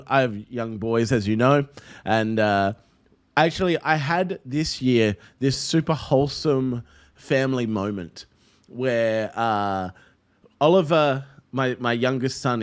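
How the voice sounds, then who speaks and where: A man, hosting a casual podcast chat and telling family stories with lots of laughter. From Australia. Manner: animated storyteller, laughs often, mimics his son in a high voice. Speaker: podcast host.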